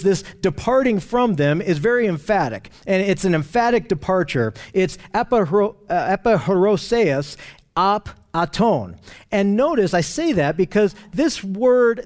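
High-voiced man teaching a Bible lesson. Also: darkish tone. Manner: explanatory, with frequent restarts and fillers. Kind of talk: Bible study lesson with map.

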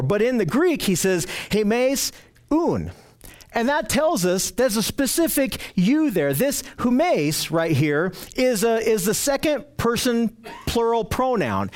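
A man teaching a verse-by-verse sermon as a pastor, reading scripture aloud and explaining it with repeated emphasis. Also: high-pitched. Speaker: pastor teaching a Bible study. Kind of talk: expository sermon. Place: church with slides on a screen.

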